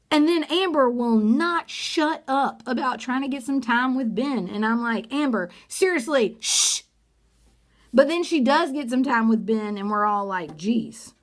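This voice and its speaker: A woman's voice: on the high side, animated, unhurried, a bit bright. A woman giving a sarcastic, gossipy recap of a reality TV episode in a casual vlog. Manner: sarcastic, gossipy, acts out quotes.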